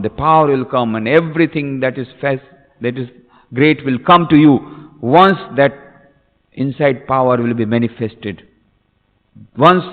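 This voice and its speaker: A man, a monk, giving an impassioned spiritual discourse with phrases repeated for emphasis. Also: mid-range voice. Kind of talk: sermon. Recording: tinny recording in an echoey hall.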